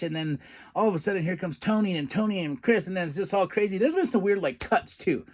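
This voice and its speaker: A man hosting a podcast, recapping a wrestling show in a casual, excitable, rambling way and laughing often. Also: high voice, brisk. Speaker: podcast host.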